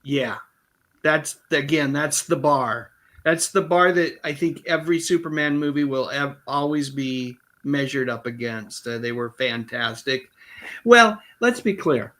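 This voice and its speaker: A man's voice: mid-range voice, unhurried, a bit bright. A man hosting a casual film podcast, conversational, reading out viewer messages. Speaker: podcast host. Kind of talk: casual chat.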